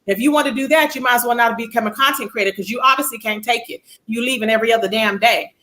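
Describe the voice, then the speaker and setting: Woman streamer, high and sharp-toned, sassy and chatty, reading out chat as she talks. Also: fast, slight background noise, rough recording. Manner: sassy, chatty, reads chat comments aloud. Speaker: livestream host. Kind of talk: casual livestream commentary.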